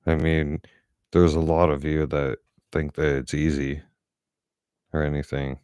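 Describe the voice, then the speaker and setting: Very deep-voiced angry man. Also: little pitch movement, unhurried, darkish tone, smooth, dry recording, clean studio sound. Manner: blunt, profane, angry storytelling. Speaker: vlogger. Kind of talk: casual storytelling.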